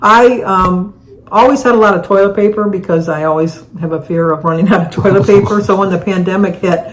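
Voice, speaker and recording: Older woman co-host, chatty and rambling, laughs mid-story, mid-pitched voice. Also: brisk, a little hiss or hum, rough recording. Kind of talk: casual chat answering viewer questions.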